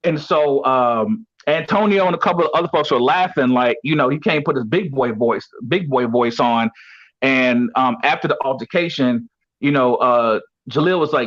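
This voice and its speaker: Through dull, lo-fi audio, a man who once played pro football talks as a guest coach, rambling through casual stories packed with "you know" fillers. His voice is medium-pitched and a bit bright, at a moderate pace.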